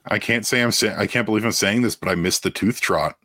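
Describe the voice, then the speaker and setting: A man's voice: fairly low pitch, fast talker, pushed and bright, no echo, clean studio sound. A young man co-hosting a casual sports podcast, riffing animatedly on ideas. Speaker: podcast co-host.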